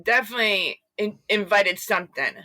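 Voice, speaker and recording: Casually storytelling at normal speed, a woman being interviewed gives an animated, meandering retelling packed with fillers and quoted voices she acts out. Her medium-pitched voice sounds bright and forceful, recorded dry and close without echo.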